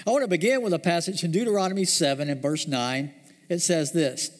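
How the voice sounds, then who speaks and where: Male pastor, higher-pitched voice, storytelling sermon with slow emphatic drops; reverberant sanctuary.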